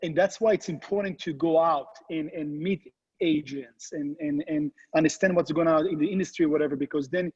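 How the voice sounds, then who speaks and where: A man in real estate joins a video call panel, hesitant and leaning on fillers. His voice is a little high and husky. The call audio sounds muffled. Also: steady tone, a little fast, darkish tone.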